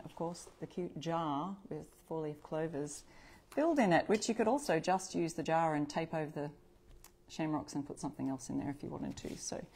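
A woman's voice: deep voice, a little mellow, slight background noise. Chatty woman hosting a live crafting demo. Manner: chatty, self-correcting, answers viewer comments. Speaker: craft livestream host. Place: home craft space.

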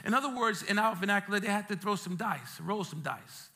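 A male pastor from Brooklyn, preaching a sermon in a church with lively jokes and streetwise asides. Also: high-pitched, fairly quick. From Brooklyn, New York. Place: church sanctuary.

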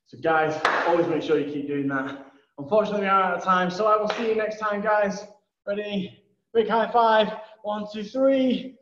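A male martial arts instructor leading an energetic kids' class, calling out commands and cheering the children on. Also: high-pitched, a little fast. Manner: upbeat, calls out commands loudly. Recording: echoey room, far from mic, dull sound.

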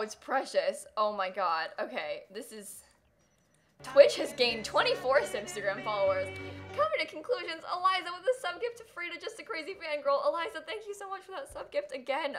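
A young woman livestreaming a game, her voice pitched a bit high and swooping all over as she coos and giggles. She talks casually to her viewers, gushing over everything on screen. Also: a bit bright. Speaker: streamer. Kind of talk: casual livestream gameplay chat.

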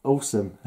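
A man's voice: medium pitch, gravelly, mellow. A man hosting a casual vlog about his comic book collection, chatty and easily amused, who chuckles often as he talks.

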